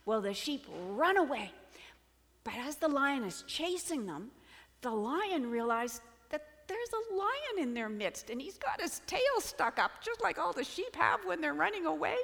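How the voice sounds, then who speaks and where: A woman preaching a sermon, telling a fable in an expressive storytelling manner with dramatic swings in volume. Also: sits high, measured pace, gravelly, in a large hall.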